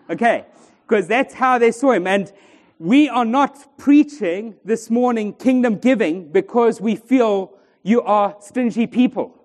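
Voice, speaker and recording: A man's voice: sits high, moderate pace. A man preaching a sermon in a church, joking and bantering with the congregation. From South Africa. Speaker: pastor. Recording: long church reverb.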